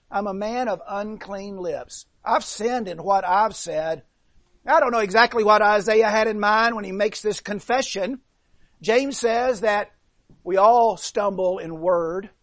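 A man preaches a sermon to his congregation, earnest and plain-spoken, often doubling words as he restarts a thought. His voice sits high for a man. The sound is dry and close, with no room echo. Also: measured pace.

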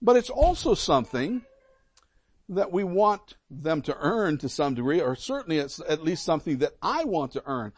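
A middle-aged pastor delivers an emphatic sermon, leaning on repetition to drive points home. His voice sits high and swoops widely up and down. The sound is dry and close. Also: sing-song, normal speed, breathy edge, dry recording.

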